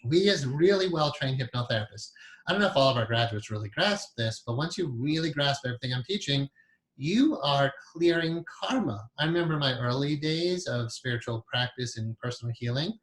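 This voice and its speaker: With lively intonation and a slightly bright, medium-pitched voice, a man talks a little fast through a casual hypnotherapy lecture to a class. As a teacher, he rambles chattily, with frequent fillers and self-corrections.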